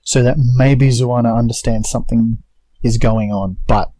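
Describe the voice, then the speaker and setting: A man playing a tabletop game, speaking deliberately and haltingly, often correcting himself. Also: medium pitch, fairly even intonation, dark tone, no room sound, low-quality recording. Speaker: player.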